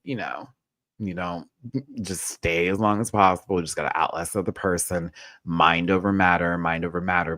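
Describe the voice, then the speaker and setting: A man hosting a casual show recap, telling a personal story with lively, rising excitement. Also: dry recording. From Texas. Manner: animated storytelling, jumps high when excited. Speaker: show host.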